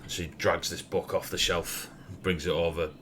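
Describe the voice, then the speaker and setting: A young Northern English man runs a tabletop game, describing scenes in a very low voice. He rambles easily, with plenty of ums, and laughs often as he narrates. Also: little pitch movement, normal speed, fairly bright tone, faint music behind. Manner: laid-back, laughs often, rambling with fillers. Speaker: game master.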